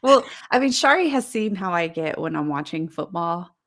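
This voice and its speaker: A woman's voice: fairly low pitch, lively intonation, normal speed, a bit bright. A woman co-hosting a podcast, laid-back in casual chat and laughing often. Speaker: podcast co-host.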